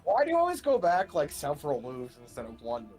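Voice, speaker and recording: A man's voice: a little high, huge pitch swings, quick pace, over music. A man in a casual chat, dryly teasing his co-host and correcting his chess moves.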